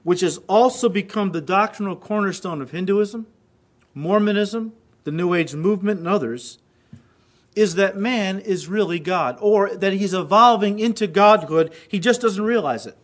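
A man's voice: high voice, normal speed. A man preaching a sermon, reading quotations aloud and acting them out with rising intensity. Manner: reads quotes aloud, mimicking voices with rising intensity. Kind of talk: recorded sermon.

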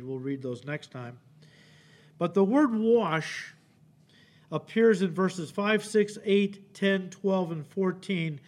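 Male pastor preaching, kinda high voice, acts out the quotes, keeps asking okay?. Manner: animated, acts out quotes, frequent "okay?" check-ins. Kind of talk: expository sermon. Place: church sanctuary.

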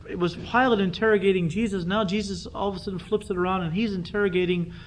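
A man's voice: sits high, steady tone, quick pace, slight background noise. A man preaching a conversational sermon, teaching through a Bible passage with emphatic rhetorical questions. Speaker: pastor.

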